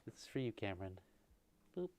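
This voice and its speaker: A man hosting an ASMR livestream, answering viewer messages in a gentle, chatty way, close to the microphone. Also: fairly low pitch, expressive, measured pace. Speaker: livestream host.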